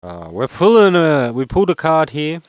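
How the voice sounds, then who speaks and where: A man's voice: a little high, very animated, moderate pace, clean tone, no echo. A young man chatting casually while opening trading cards, rambling and joking at his own expense. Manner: rambling, joking, self-mocking. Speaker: card-opening vlogger. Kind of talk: casual unboxing chat.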